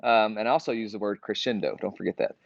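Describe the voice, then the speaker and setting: A man's voice: on the low side, fairly even intonation, quick pace, gravelly, dry recording. A man leading a casual group Bible study, talking earnestly and reading scripture aloud. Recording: dull, dry lo-fi recording.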